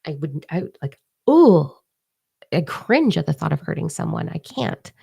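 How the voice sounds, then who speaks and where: A woman's voice: low voice, sing-song, normal speed, gravelly, warm tone, breathy edge. A woman hosting a casual spiritual live chat, candid and swearing freely as she acts out her own reactions, speaking into a microphone. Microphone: microphone in front of her face.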